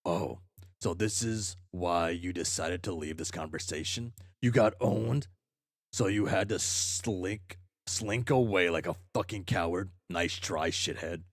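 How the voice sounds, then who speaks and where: A man reading aloud as a furious, foul-mouthed young male troll, ranting and swearing at himself in shouted tirades. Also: sits low, measured pace, no room sound, clean studio sound. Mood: snarling.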